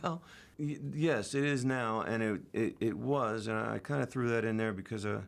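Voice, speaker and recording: A middle-aged man, a guest actor in a casual radio interview, answering slowly with many pauses and uhs. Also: lowish voice. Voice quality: gravelly. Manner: slow, halting, drawn-out answers full of uhs.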